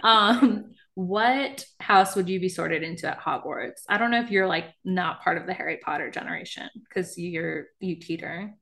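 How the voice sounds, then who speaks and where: A woman's voice: on the low side, moderate pace, creaky, few pauses, fairly bright tone. A young woman co-hosting a podcast in casual chat, asking questions and laughing often. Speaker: podcast co-host.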